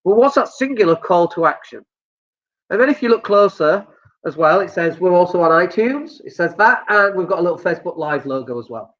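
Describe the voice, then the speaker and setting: A man's voice: sits high, expressive, fairly quick, a bit bright, dull audio. A Northern English man giving blunt, joking business advice during a live stream. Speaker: business coach.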